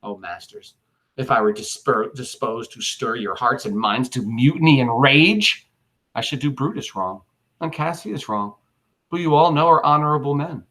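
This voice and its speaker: A cunning, grieving Roman orator addresses a restless crowd, as a husky-voiced man reads him aloud. The delivery is measured and rhetorical, with a slightly raspy edge. It sounds like a classroom reading of a stage play. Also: mid-range voice, animated, bright, forceful tone. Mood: ironic.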